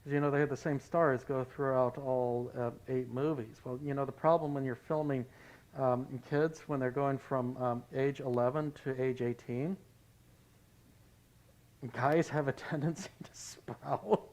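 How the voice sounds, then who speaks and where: A man's voice: medium pitch, fairly even intonation, a little slow, darkish tone, poor audio. Give me a man, a pastor teaching a Bible study, with a conversational manner and a mid-range voice. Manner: conversational and anecdotal.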